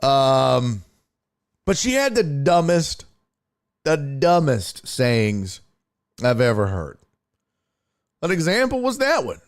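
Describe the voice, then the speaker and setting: Male streamer host, casual and profane, expressive swooping delivery, unhurried. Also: mid-range voice. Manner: animated, swearing, incredulous storytelling. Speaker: sports show host and streamer. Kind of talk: casual live-stream chat.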